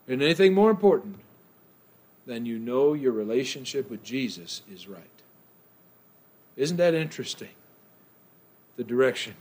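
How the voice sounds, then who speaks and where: A male pastor preaching a sermon in church, swinging from hushed, low lines to loud, impassioned outbursts. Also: sing-song, moderate pace, pauses often.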